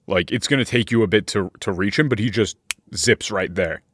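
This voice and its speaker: A man running a tabletop game as game master, narrating slowly with fillers and restarts. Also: on the low side, a bit bright, slightly rough, no room sound, studio quality. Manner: slow, hesitant narration with many fillers.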